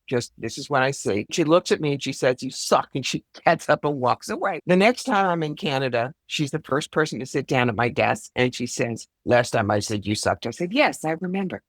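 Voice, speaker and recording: A woman's voice: very deep voice, dry recording, studio quality. A woman being interviewed as a psychic guest, speaking bluntly with wry, self-deprecating humor. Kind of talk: conversational interview.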